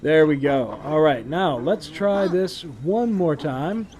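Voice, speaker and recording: A man's voice: on the high side, lively intonation, slow pace, darkish tone. A man streaming a survival game, chatting casually with laughing asides. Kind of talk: casual gameplay commentary.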